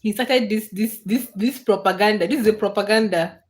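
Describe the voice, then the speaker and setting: A woman's voice: medium pitch, a little fast. A woman hosting a casual livestream, answering viewers' comments with frequent laughter and repeated, restarted phrases. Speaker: livestream host.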